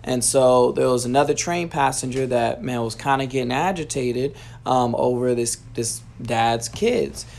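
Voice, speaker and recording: A man's voice: medium pitch, measured pace, gravelly, hardly any pauses, a little mellow, slight background noise. A young man giving a casual motivational talk about sales, loose and rambling, dropping "man" and "you know" into nearly every sentence. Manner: loose, filler-heavy, says "man" constantly.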